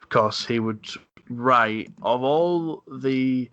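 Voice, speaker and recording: A man's voice: mid-range voice, extremely slow, a bit bright, no room sound, highs cut off. A man co-hosting a casual film podcast, talking in a thoughtful, hesitant way with frequent ums. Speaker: podcast co-host.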